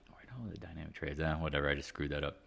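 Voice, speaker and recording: Deep-voiced man rambling through market talk. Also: monotone, racing, gravelly, fairly bright tone, a little hiss or hum. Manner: rambling, wandering off on tangents; loose, slangy. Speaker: host of a live market chat. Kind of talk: casual livestream market commentary.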